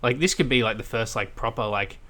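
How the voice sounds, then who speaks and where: A man's voice: medium pitch, brisk, fairly bright tone. A man co-hosting a podcast in casual chat, blunt and sarcastic, rambling with lots of fillers and restarts. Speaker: podcast co-host.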